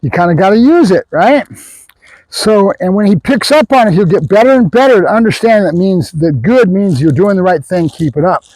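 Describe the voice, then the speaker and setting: A man who is a dog trainer, explaining his methods in a casual way and often checking in with the viewers with a quick "right?". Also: sits high, animated, darkish tone, no room sound, poor audio. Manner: casual, talks to the viewers with frequent "right?" asides.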